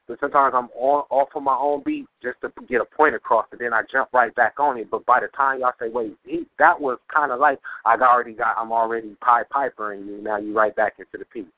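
A man's voice: medium pitch, dry recording. A man who is a guest poet on a radio show, explaining his craft at length in casual talk. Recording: dry, phone-like radio audio.

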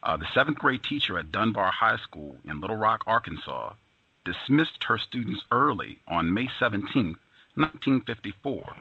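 A man's voice: fairly low pitch, animated, moderate pace, creaky, breathy edge, no room sound, dull audio. A man hosting a talk show, reading a book passage aloud with frequent "uh" fillers. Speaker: host.

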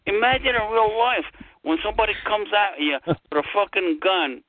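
Swearing guy rambling on a call, kinda high pitched, tinny phone audio. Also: moderate pace, no echo. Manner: profane, rambling, animated. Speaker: caller. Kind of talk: casual chat on a group call.

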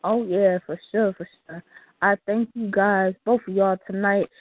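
A woman with a mid-range voice and fairly even intonation hosts a casual live call-in radio show at normal speed, upbeat, laughing often and using loose slang. The audio is dry and sounds tinny, like a phone call.

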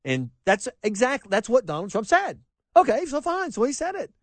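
A man hosts a talk radio show in a fairly high voice with a wide, swinging range. He is sarcastic and animated, riffing through an opinionated monologue. The sound is dry and close, like a studio microphone. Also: normal speed, no echo. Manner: sarcastic, animated, mocks quotes in put-on voices.

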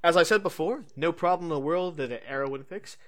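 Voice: medium pitch, quick pace. A tabletop game player narrating their character's arrow shot with playful flourish. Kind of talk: casual tabletop play.

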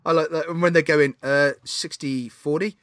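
A man co-hosting a podcast, chatting casually about films, laughing often and animated. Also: a little high, normal speed, no echo, studio quality. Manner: animated, laughs often, acts out film scenes. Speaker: podcast co-host. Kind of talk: casual film chat.

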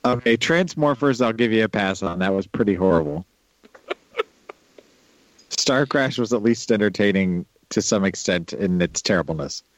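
Animated man hosting a podcast. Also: on the low side, normal speed, low-quality recording. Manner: animated, joking. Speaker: podcast host. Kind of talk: casual podcast chat.

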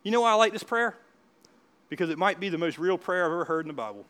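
Bright, high-voiced preaching man. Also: quick pace. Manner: lively, conversational preaching with laughs and rising emphasis. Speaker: pastor. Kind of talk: sermon.

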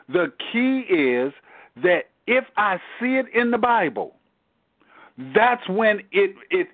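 A man leads a Bible study over the telephone, his voice high and his delivery earnest, restarting phrases as he works toward a point. The sound is thin and phone-like, with no room around it. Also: dry recording. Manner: earnest preaching, repeats words as he restarts. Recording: tinny dry phone line.

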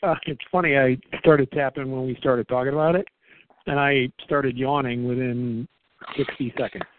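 A man's voice: mid-range voice, fairly even intonation, moderate pace, slight background noise. A man in his forties, a coaching client, repeating phrases after his coach with some hesitation. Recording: tinny dry call line.

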